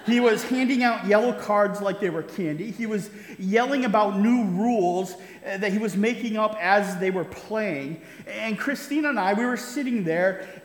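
A man preaching a sermon, telling a story with frequent "right?" asides and chuckles. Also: high voice. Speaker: pastor. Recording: roomy hall reverb.

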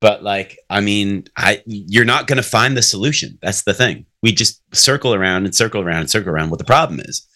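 A man with a bright, forceful tone and a fairly low voice co-hosts a podcast. He jokes and riffs sarcastically in loose, casual chat, cursing along the way. His delivery is quick and wry. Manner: joking, sarcastic, swears freely. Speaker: podcast co-host.

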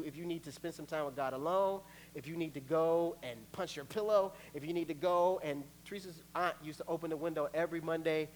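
A man preaching a sermon as pastor, lively and playful, acting out little quotes and laughing along the way. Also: fairly high pitch, slight background noise. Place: church sanctuary.

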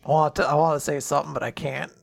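A man's voice: on the high side, little pitch movement, rapid-fire, vocal fry. A man co-hosting a podcast, making playful, joking asides in casual chat. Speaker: podcast co-host. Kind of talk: casual chat about a manga.

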